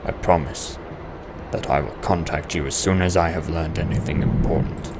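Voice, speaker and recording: A man voicing a grave, secretive doctor in a mixed, partly German accent, formal and measured. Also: a bass voice, steady tone, gravelly, very noisy. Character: grave older male doctor, secretive and worried. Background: game music.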